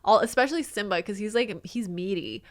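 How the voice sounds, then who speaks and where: A woman's voice: medium pitch, fairly quick. A woman co-hosting a casual podcast, rambling with many fillers and breaking into playful squeals. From Filipino family. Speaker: podcast co-host. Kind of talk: casual chat.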